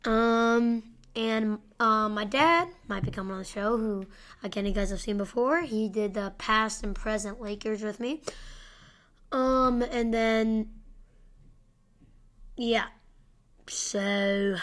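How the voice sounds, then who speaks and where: A woman hosting a casual solo sports-prediction podcast, rambling and chatty with lots of fillers and asides, into a home mic turned up loud. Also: mid-range voice, steady tone, slow, long pauses. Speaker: podcast host. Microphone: home podcast microphone with gain turned high.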